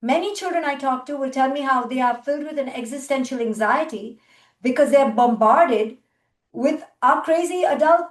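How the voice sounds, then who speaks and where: A middle-aged woman with a high voice gives a motivational talk over a video call. She speaks with passion and emphasis, often repeating her key words. Her voice comes across distant and echoey, as if heard from across a reverberant room. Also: moderate pace. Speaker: clinical psychologist and guest speaker.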